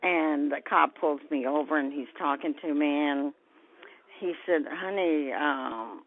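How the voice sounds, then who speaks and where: A woman's voice: low voice, unhurried, slight background noise. An older woman being interviewed as a guest, telling a long story and acting out what people said. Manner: lively storyteller who acts out quoted voices. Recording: tinny phone-like sound.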